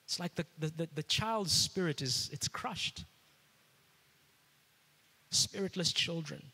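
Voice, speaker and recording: A middle-aged male pastor preaches earnestly, repeating his phrases to drive each point home. His voice sits a little high and rings bright. The hall around him carries a long echo. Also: normal speed, breathy edge. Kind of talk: sermon. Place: church hall. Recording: echoey hall.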